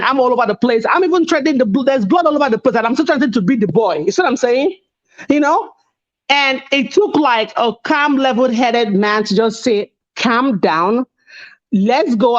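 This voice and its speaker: A woman's voice: a little high, highs cut off. A woman in her thirties, co-hosting a casual panel talk, rambling with many restarts and asides. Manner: rambling, many restarts and "you see what I'm saying". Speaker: podcast co-host.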